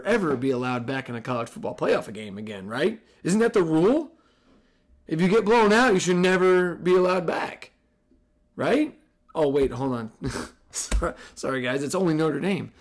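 A man hosting a casual sports podcast, talking in a sarcastic, profane and excitable way. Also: fairly high pitch. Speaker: podcast host.

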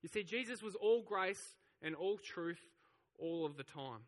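A man's voice: sits high, animated, unhurried, in a large hall. A man preaching a sermon, telling the story with animation and acting out the voices of the crowd. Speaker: pastor.

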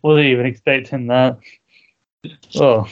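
A man's voice: mid-range voice, steady tone, measured pace. Man, podcast co-host, casual chat, laughs often, dull lo-fi sound. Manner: chatty, laughs often, swears freely. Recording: dull lo-fi recording.

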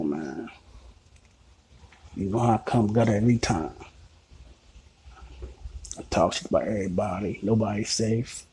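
A man's voice: mid-range voice, dark tone, breathy edge. A man hosting his own podcast in a crude, boastful, rambling comedic monologue. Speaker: podcast host.

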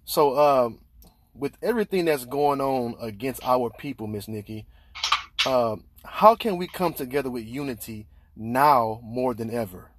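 A man's voice: medium pitch, measured pace, slight background noise. A man with a mid-range voice hosts a podcast interview. He asks his guest questions in a casual way, with hesitant fillers between his words. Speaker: podcast host.

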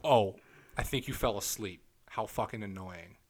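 A young man, co-hosting a casual podcast, telling crude stories with lots of swearing. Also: normal speed. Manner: animated storytelling, swears a lot, quotes texts in a lowered voice. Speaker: podcast co-host. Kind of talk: casual chat.

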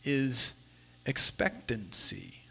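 A man in his thirties preaching a sermon in a conversational way, moving between hushed asides and emphatic stretches. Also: medium pitch, expressive, drawn-out words, gravelly, slightly rough. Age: 30s. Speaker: pastor.

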